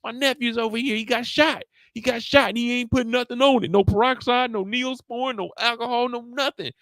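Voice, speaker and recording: A man voicing an irate man who is yelling and swearing at a hospital front desk, begging for help. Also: very high voice, steady tone, brisk, dry recording, pitched above the performer's own voice. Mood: indignant. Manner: shouting, profane, pleading.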